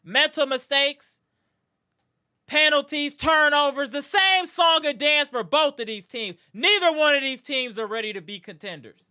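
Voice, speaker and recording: A woman's voice: high-pitched, a little slow, bright, forceful tone. A woman hosting a live sports reaction stream, ranting in anger and frustration with repeated outbursts. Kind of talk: live fan reaction rant.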